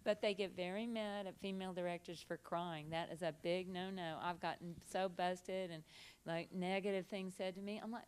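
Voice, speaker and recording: A woman's voice: lowish voice, steady tone, moderate pace, clear, resonant tone. A woman film director speaking as the guest in an onstage conversation. She tells anecdotes with energy, acts out quotes, swears casually and laughs often. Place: cinema stage at a live event.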